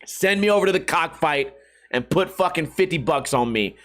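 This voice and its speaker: A man's voice: fairly high pitch, expressive, moderate pace, a bit bright, pitched below the performer's own voice. A man voicing a cocky male fighting rooster who trash-talks and swaggers, in a comedic podcast bit. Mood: boastful.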